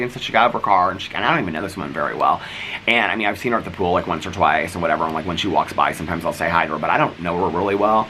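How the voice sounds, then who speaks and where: A man's voice: sits low, lively intonation, very fast, bright, forceful tone, a little hiss or hum, rough recording. A man vlogging in casual chat, rambling as he retells stories and acts out what people said. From United States. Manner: rambling, retells scenes acting out each line.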